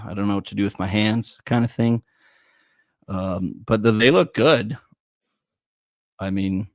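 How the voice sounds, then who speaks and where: A man co-hosting a podcast, joking in a wry, deadpan way with hesitant fillers. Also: on the low side, no echo, studio quality. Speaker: podcast co-host. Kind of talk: casual podcast chat.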